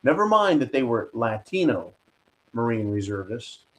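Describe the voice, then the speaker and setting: A man's voice: mid-range voice, big pitch swings, moderate pace, poor audio. A man hosting a political commentary show, talking in an indignant, sarcastic, ranting way. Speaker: host.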